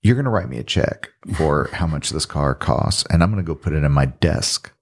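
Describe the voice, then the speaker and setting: A man's voice: rumbling low, expressive, brisk, creaky, heavily acted. A man voicing a friendly male car dealer with a Southern US accent, easygoing and generous in his sales talk. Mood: breezy.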